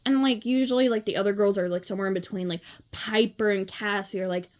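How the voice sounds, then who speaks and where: A woman's voice: medium pitch, brisk, few pauses, darkish tone. A woman casually reading a children's book aloud, swearing now and then and filling with "like". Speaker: reader.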